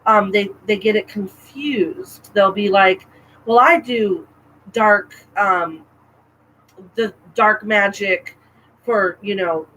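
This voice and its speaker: A woman co-hosting a casual podcast chat, talking in an animated, rambling way with frequent restarts. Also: medium pitch, slow pace, a little hiss or hum, rough recording. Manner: chatty, animated, self-interrupting with restarts. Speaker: podcast co-host.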